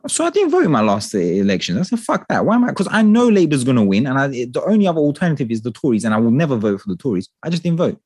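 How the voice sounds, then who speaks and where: A man in casual political chat, talking with passion, swearing and ranting in an animated way. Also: mid-range voice, racing, hardly any pauses, husky, no room sound, studio quality. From England.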